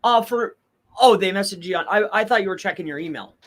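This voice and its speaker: A man with a notably high voice asks a string of questions in a relaxed chat. He stumbles and repeats himself while he hunts for the right words. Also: fast talker. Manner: hesitant, searching for words, stacks questions. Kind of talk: casual livestream Q&A.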